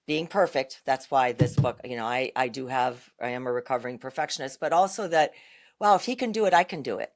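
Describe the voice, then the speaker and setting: A woman co-hosting a podcast, speaking earnestly and reflectively as she thinks aloud. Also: sits low. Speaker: podcast co-host. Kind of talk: casual podcast conversation.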